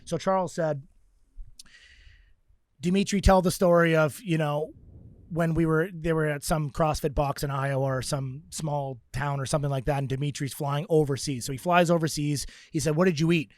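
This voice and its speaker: A man telling training stories in a casual podcast chat, animated and acting out quotes. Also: fairly high pitch, moderate pace, no echo, studio quality. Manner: animated storyteller, acts out quotes.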